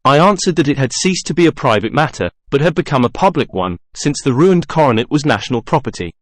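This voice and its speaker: A man narrating an audiobook in first person, measured, with dramatic outbursts. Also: fairly high pitch, expressive, no echo, studio quality.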